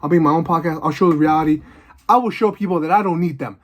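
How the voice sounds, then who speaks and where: A man casually rambling through his own movie ideas, excited and loose with lots of fillers. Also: a little high, fast. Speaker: video host.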